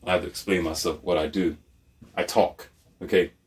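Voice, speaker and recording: A man's voice: low voice, steady tone, moderate pace, distant mic. A man delivering a blunt, preachy motivational monologue, emphatic and repetitive.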